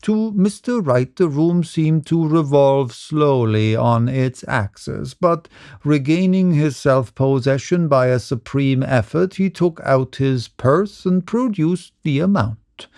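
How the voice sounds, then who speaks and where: A man reading a short story aloud in a measured, unhurried storytelling manner. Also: on the high side, lively intonation, a little mellow, dry recording, studio quality. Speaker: audiobook reader.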